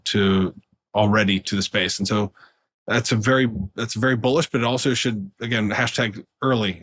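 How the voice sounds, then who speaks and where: A man's voice: medium pitch, a bit bright, no echo. A man guesting on a podcast, chatting casually with frequent fillers, restarts and laughs mid-sentence. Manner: rambling, full of fillers and restarts. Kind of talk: casual storytelling.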